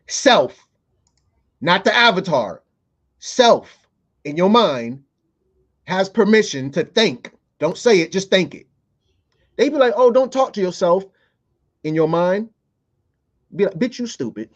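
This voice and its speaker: A man's voice: high voice, muffled recording. A man hosting a podcast, delivering a playful, profane comedic monologue full of fillers. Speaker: podcast host.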